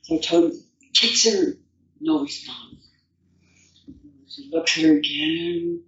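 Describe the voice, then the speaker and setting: A woman storyteller at a festival, recounting an old legend and her own life in an unhurried, rambling way. Her voice sounds distant and roomy, with the muffled sound of a dull recording. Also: lowish voice, very animated, creaky, a bit bright. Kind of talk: told folktale and personal anecdote. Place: festival venue.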